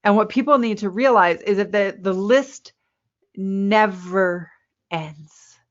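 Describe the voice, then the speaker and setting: A woman presenting a workplace resilience webinar to a camera, lively and quick to laugh at herself. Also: medium pitch. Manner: lively, laughs at herself, acts out quoted people. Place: indoor room with a window. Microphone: camera mic. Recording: slightly muffled webinar audio.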